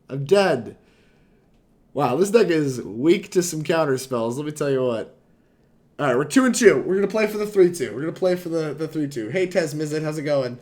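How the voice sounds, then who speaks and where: A man's voice: fairly high pitch, animated, moderate pace, darkish tone. A young man streaming a card game, chatting and rambling to his chat in a casual, laughing way. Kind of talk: casual gameplay commentary to chat.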